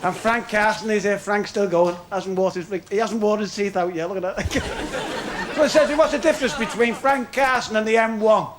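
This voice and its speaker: A man's voice: sits high, normal speed. A male stand-up comedian telling jokes in a chatty way, full of "you know" asides. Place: club stage before a laughing audience. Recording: crowd noise, noisy 1970s TV recording.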